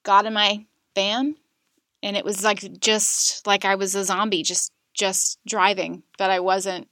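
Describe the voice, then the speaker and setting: A woman guest in a podcast interview, candidly recounting a painful personal story in a halting, emotional way. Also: mid-range voice, flat delivery, fairly bright tone, dry recording.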